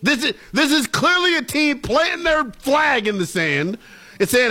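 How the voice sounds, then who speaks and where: A man co-hosting a sports talk show, giving animated, opinionated takes in casual chat. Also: very high-pitched, unhurried. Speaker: co-host.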